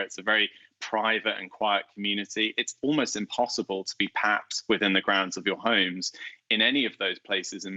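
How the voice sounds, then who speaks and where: Guy author answering questions over a remote link, bright tense voice, dry and kinda muffled. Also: lowish voice, dry recording. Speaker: guest author.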